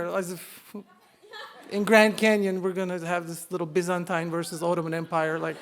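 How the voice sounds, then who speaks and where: A man's voice: high voice, flat delivery, normal speed. A man in his forties from Turkey with a Turkish accent, telling a funny personal story live on stage, self-mocking and building to punchlines. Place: live stage before an audience.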